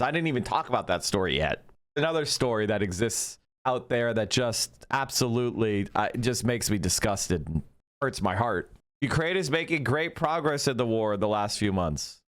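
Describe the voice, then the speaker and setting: A man's voice: medium pitch, sing-song, normal speed, a bit bright. A man hosting a stream, reading news aloud and ranting sarcastically in casual political commentary, with some swearing. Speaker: streamer host.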